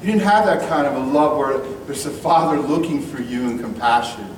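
A man's voice: medium pitch, fairly quick, slight background noise. A man pastor giving a sermon in a blunt, casual, emphatic way. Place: church hall. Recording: echoey room, mic at a distance, faint music.

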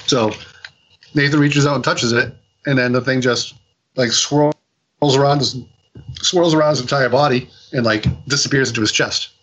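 A man's voice: medium pitch, fairly even intonation, moderate pace, a bit bright, poor audio. Rambling man recapping a story with fillers. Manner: rambling retelling full of fillers and quoted dialogue. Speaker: podcast co-host reviewing comics. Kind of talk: casual chat.

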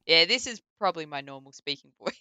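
A young Australian woman chatting casually as an interview guest, relaxed, laughing often and using lots of fillers. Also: low-pitched, fast talker, no echo.

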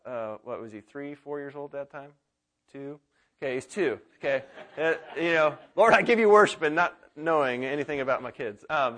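A man in his thirties preaching a sermon as pastor, swinging from loud exclamations to quiet prayer. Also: a little high.

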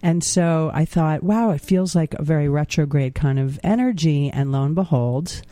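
A man's voice: on the high side, normal speed, dark tone, no echo. A man co-hosting a podcast, chatting casually and reflectively, laughing often. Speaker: podcast co-host. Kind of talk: casual chat.

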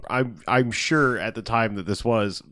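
A man with a low voice riffs through a casual movie recap, laughing often and restarting his sentences. The sound is dry and close, with no room around it. His talk is loose and chatty. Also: a little slow, bright, forceful tone, no room sound. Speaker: podcast co-host.

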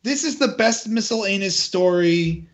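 A man with a high, very lively voice, speaking slowly and deliberately. He riffs goofily in a casual podcast chat, full of jokey bits. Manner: goofy, joking, bits and impressions. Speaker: podcast co-host.

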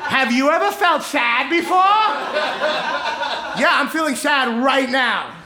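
A man in his thirties from Kentucky doing a deadpan, self-mocking stand-up set and chatting with the crowd. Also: very high voice, measured pace. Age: 30s. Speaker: stand-up comedian. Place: comedy club stage. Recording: echoey club, audience laughter.

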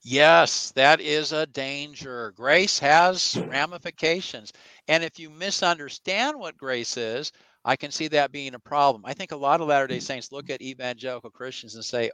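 A man's voice: a little high, moderate pace, sharp tone, clear, resonant tone, no echo, rough recording. A man in an interview who explains his faith through long anecdotes. He acts out the quoted voices in his stories. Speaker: evangelical Christian guest. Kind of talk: conversational interview.

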